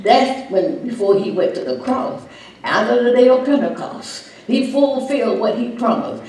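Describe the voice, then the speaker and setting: A woman preacher delivering a sermon, emphatic and building to loud, fervent peaks. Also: on the high side, animated, normal speed. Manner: emphatic, swelling to loud climaxes. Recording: echoey room, distant mic.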